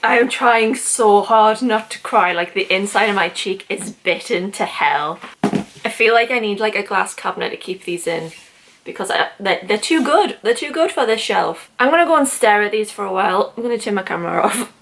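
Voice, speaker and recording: Excitable young woman vlogger. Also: medium pitch, moderate pace. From United Kingdom. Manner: gushing and excitable, lots of "like" fillers. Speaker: book vlogger. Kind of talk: casual vlog chat.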